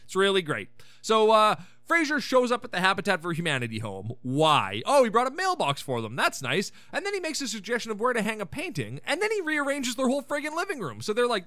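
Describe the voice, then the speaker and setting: A man's voice: high voice, wildly swooping pitch, a little fast, sharp tone, no room sound. A man hosting a podcast, recapping an episode in a casual, irreverent way and swearing freely. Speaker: podcast host.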